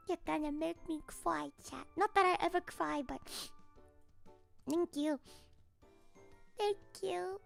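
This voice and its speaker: A woman's voice: very high voice, slow, creaky, long pauses, soft background music. A young woman who is a virtual idol, chatting casually with viewers on a livestream in a playful, teasing, mock-grumpy way and dropping in Japanese phrases.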